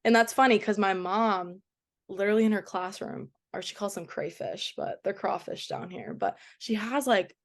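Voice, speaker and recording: Young woman, slight Boston accent, podcast guest, chatty, laughs a lot, mid-pitched. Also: moderate pace. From Boston area. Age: young adult. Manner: chatty, laughs often, many fillers. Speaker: guest, college soccer goalkeeper. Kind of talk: casual interview chat.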